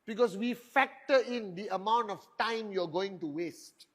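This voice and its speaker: A middle-aged motivational speaker at a network marketing event gives a stage talk, firing off rhetorical questions and boasting. His voice sits high and he speaks unhurriedly.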